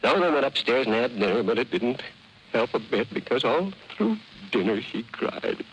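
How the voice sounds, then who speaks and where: A man's voice: mid-range voice, big pitch swings, moderate pace, a bit bright, slight background noise, low-quality recording. A man telling a long bawdy joke in a drawling, hesitant, conspiratorial manner. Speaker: comic storyteller.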